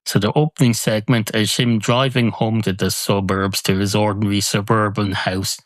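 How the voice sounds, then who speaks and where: A man's voice: lowish voice, little pitch movement, normal speed, dry recording. A man hosting a comedy podcast alone, rambling through silly musings and correcting himself mid-thought. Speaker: podcast host. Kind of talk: comedic solo monologue.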